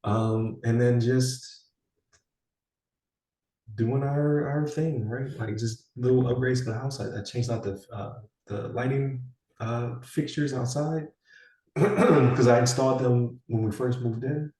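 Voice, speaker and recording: A man's voice: mid-range voice, steady tone, slow, warm tone, distant mic. A man in his forties, co-hosting a podcast in rambling casual chat with many fillers and restarts. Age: 40s. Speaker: podcast co-host. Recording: echoey room, somewhat off-mic.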